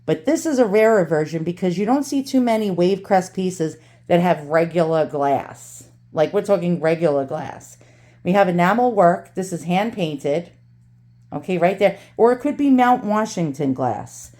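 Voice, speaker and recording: A woman's voice: on the low side, animated, moderate pace, mellow. Woman, New York accent, antique unboxing vlog, ranting, swears, flips to cheerful, recorded at home. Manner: ranting, swings from angry cursing to cheerful. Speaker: antique channel host. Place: home with dogs.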